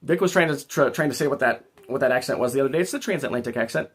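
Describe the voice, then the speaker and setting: A man's voice: medium pitch, rapid-fire, hardly any pauses, slightly rough. A man hosting a casual livestream, rambling and joking as he talks back to his chat. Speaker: livestream host.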